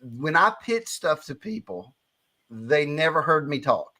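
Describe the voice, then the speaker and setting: A man's voice: fairly high pitch, sing-song, a little slow, pushed and bright, dry recording. A man with a Southern Alabama accent, chatting frankly and easily on a podcast as a comic creator. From Alabama, USA. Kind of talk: casual podcast chat.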